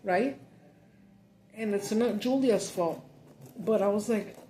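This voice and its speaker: A woman's voice: mid-range voice, takes it slowly, long pauses, dark tone, slight background noise. A middle-aged woman chatting casually while eating, cussing in frustration and mixing Spanish with English. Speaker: mukbang vlogger. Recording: roomy echo.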